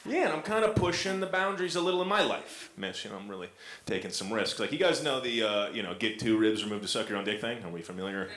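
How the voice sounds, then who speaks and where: A man's voice: on the low side, quick pace, a bit bright. A young man doing a stand-up comedy set, rambling and self-mocking with lots of fillers. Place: comedy club stage with audience. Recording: echoey club, audience noise.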